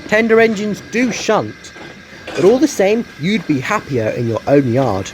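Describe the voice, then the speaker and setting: A stern, portly male railway boss speaks in formal, clipped sentences, as a man puts him on. His voice rises and falls a lot. Steady noise runs under this storybook reading. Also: sits high, a little slow, pitched above the performer's own voice. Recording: noisy home recording.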